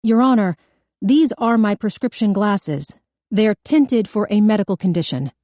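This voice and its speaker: A woman voicing a calm, insistent female defense lawyer in an audiobook. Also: medium pitch, normal speed, dry recording, lightly acted. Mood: formal.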